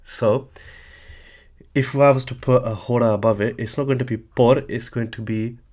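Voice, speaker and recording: A man's voice: mid-range voice, fairly even intonation, moderate pace, a little mellow. A man teaching a tutorial lesson, explaining patiently and correcting himself as he goes. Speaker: language teacher.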